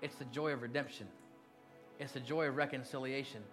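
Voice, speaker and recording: A middle-aged man preaching a sermon, earnest, dropping to hushed slow lines and then rising into animated bursts. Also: mid-range voice, over music. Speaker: pastor.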